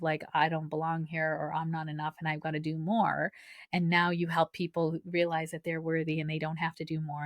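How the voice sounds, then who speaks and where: A woman's voice: on the low side, dry recording, clean studio sound. A woman hosting a spiritual podcast, telling a personal story in a chatty, casual way with lots of fillers and restarts. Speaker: podcast host.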